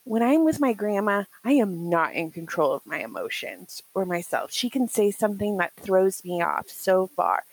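A young woman telling stories in a casual podcast chat, animated and laughing often, acting out what others said. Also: mid-range voice, normal speed, few pauses, breathy edge, low-quality recording. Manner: animated, acts out quoted voices, laughs often.

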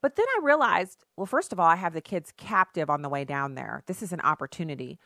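Casting note: woman commentator, sarcastic and emphatic, lower voice, dry close sound. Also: animated, brisk, pushed and bright, dry recording. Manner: sarcastic, emphatic, rhetorical questions. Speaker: political commentary host. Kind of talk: opinionated political commentary.

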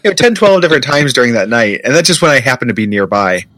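A man's voice: mid-range voice, very animated, fast, a bit bright, a little hiss or hum. A man co-hosting a podcast in casual chat, rambling with lots of fillers and frequent laughter. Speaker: podcast co-host.

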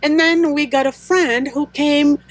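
High-voiced woman, lively storyteller. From a small war-torn country abroad. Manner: lively, laughing often, quickens when telling stories. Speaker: guest. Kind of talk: personal storytelling in conversation.

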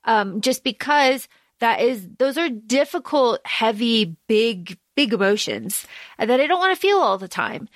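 A woman co-hosting a book podcast, telling stories in an animated, rambling way with restarts. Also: fairly high pitch, unhurried, no echo. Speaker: podcast co-host. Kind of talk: casual chat.

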